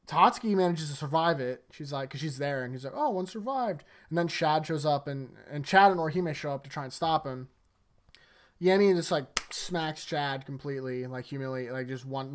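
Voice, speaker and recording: A man casually recapping anime episodes in front of a green screen, rambling with lots of fillers like "like" and "uh". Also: medium pitch.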